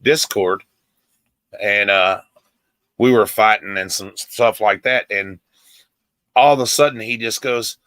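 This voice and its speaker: A man's voice: fairly low pitch, unhurried, long pauses, pushed and bright, no echo. A man chatting casually on a group call, rambling and repeating himself as he tells stories.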